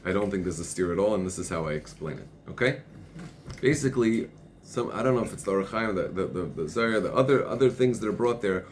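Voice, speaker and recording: A low-voiced man explaining religious texts to a listener, working through each point step by step. He reads passages aloud as he goes. A faint hiss sits behind his voice. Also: fast talker. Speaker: Torah teacher.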